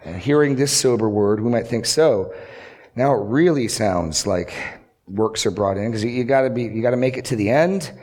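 A man's voice: medium pitch, darkish tone. A male pastor preaching an earnest sermon, asking rhetorical questions and repeating key lines for emphasis.

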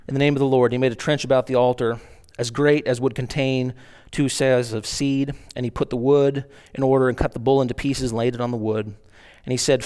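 Male preacher, medium pitch, reads scripture with spoken asides and acted-out emphasis. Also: darkish tone, clean tone. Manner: reads scripture aloud, then explains in asides; acts out the mocking lines with rising emphasis. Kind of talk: sermon with scripture reading.

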